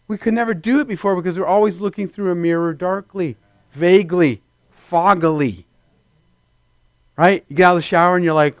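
A man's voice: sits high, dry recording. A man preaching a sermon to a congregation in a conversational, playful way, acting out little scenes in put-on voices. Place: church before a congregation.

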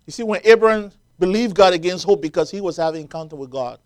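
A man's voice: high voice, animated, fast talker. A man preaching a sermon, quoting scripture and building to emphatic, rising peaks as the congregation answers.

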